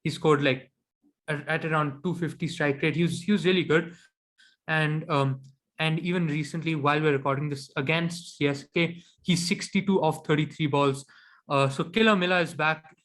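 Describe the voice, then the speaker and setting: Higher-voiced guy on a podcast, chatty and opinionated, lots of ums. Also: steady tone, normal speed, a bit bright. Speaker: podcast co-host. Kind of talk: casual cricket chat.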